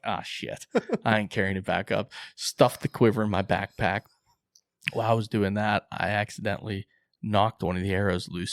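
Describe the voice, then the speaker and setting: Low gravelly man telling a wild story. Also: dry recording, studio quality. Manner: animated, swears casually, acts out his own quotes. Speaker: podcast co-host telling a hunting story. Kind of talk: excited casual storytelling.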